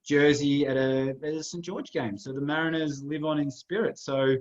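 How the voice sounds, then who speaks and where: A man's voice: fairly high pitch, steady tone, moderate pace, dull audio. A man, co-hosting a casual sports podcast and rambling through photos with plenty of fillers. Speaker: podcast co-host.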